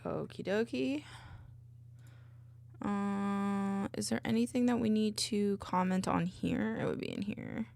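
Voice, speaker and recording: A woman streamer chatting casually with viewers from her home desk, bubbly and rambling, into a mic on a boom arm. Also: slow pace, creaky, a little mellow. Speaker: VTuber streamer. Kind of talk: casual livestream chat.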